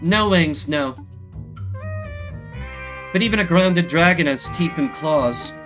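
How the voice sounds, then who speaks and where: A man's voice: on the high side, animated, slow, a bit bright, soft background music, voice pushed up. A man doing a wild, theatrical dragon woman. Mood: teasing. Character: wild, wingless female dragon prisoner.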